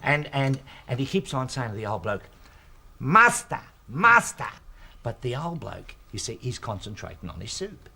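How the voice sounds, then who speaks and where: A bumbling Australian retiree. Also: male voice, medium pitch, expressive, gravelly, a bit bright, slightly rough, heavily acted. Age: 60s. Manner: rambling, halting, fumbling for words. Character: retired working-class husband, bumbling would-be joker. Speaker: retired working-class husband. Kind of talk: scripted TV sitcom acting.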